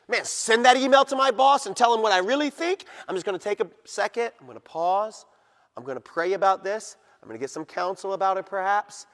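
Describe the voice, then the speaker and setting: A male pastor preaching a sermon, speaking straight to his listeners, pressing points with emphasis and slowing down to drop into a hush on key words. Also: sits high. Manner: addresses listeners directly. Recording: reverberant hall.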